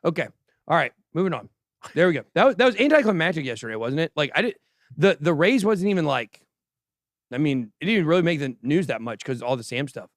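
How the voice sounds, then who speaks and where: A man's voice: fairly high pitch, big pitch swings, fairly quick, dry recording, studio quality. A man hosting a crypto livestream, chatting casually and bantering boastfully with his crew and the chat. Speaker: host of a crypto news livestream.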